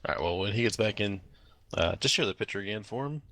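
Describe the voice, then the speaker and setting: A man's voice: lowish voice, lively intonation, quick pace, fairly bright tone. A man chatting casually as a player in an online tabletop game, rambling on between turns. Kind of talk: casual chat over online voice chat.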